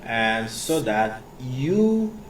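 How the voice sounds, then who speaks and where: A man teaching English in a casual, halting way, with many fillers and repeated words. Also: medium pitch, sing-song. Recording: distant mic with faint background noise.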